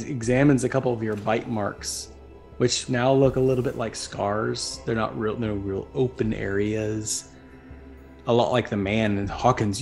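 A man's voice: mid-range voice, darkish tone. A man narrating a tabletop role-playing game as dungeon master, describing scenes and calling for checks. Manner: descriptive storytelling with character asides. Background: faint background music.

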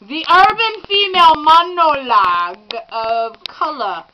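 A woman's voice: high voice, takes it slowly, dull audio, a little hiss or hum. A tipsy woman casually reading lines aloud among friends, giggly and unsure, stumbling over her words. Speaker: friend trying out accents. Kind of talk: casual home video, reading lines in accents.

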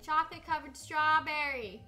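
A young woman co-hosting a casual livestream, bubbly and animated as she reacts to a game. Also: sits high, normal speed, faint music behind. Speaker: livestream co-host.

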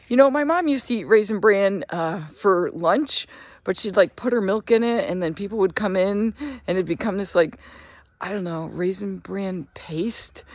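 A chatty middle-aged woman talking to camera, full of laughs and offhand asides. Her voice sits at an ordinary pitch, and the room around her is dry and close. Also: dry recording. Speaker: vlogger. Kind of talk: casual morning chat to camera.

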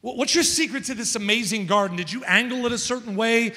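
Guy preaching in a big church, kinda high voice, long echo off the walls, tells stories then gets loud. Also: fast. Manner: storytelling, builds to loud emphatic points. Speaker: guest preacher. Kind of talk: sermon. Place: large church hall. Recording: long church hall reverb.

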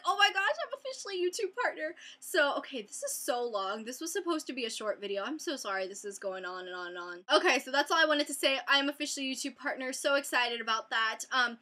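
A woman's voice: high voice, bright, forceful tone. A young woman chatting to camera in a casual vlog, bubbly and rambling with lots of fillers. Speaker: beauty vlogger.

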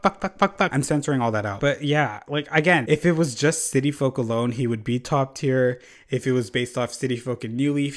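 A man talks through a casual video commentary in a rambling, offhand way, full of fillers and self-deprecating asides. His voice sits at an ordinary middle pitch. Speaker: video host. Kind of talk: casual commentary ranking game characters.

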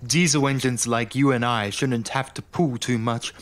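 A man's voice: mid-range voice, fairly even intonation, normal speed, close to an everyday voice. A man voicing a bossy, haughty female diesel railcar in a storybook reading, imperious and scolding.

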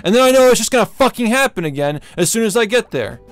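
A man's voice: high-pitched, big pitch swings, quick pace, faint music behind. A man streaming a game, ranting in a fury and swearing heavily, repeating himself over and over. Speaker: speedrunner streamer. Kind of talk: angry rant while live-streaming a game.

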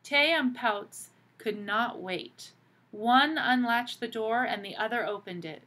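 A woman teacher reading a picture book aloud to children, pausing gently to ask them questions. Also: fairly high pitch.

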